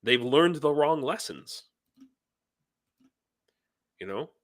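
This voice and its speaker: A livestream news host delivers heated, passionate ranting commentary and reads viewer comments aloud. His voice is on the high side with lively intonation, and he speaks at a slow pace.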